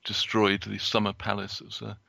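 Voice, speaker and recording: A man giving a prepared talk from notes as a guest, halting, with many restarts and fillers. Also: lowish voice, monotone, vocal fry, pushed and bright, dry recording. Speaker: guest speaker.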